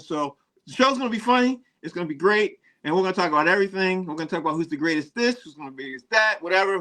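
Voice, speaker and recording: A man hosts a casual sports chat in a bright, forceful voice. He rambles, repeats his phrases and laughs often. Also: on the high side. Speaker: sports show host.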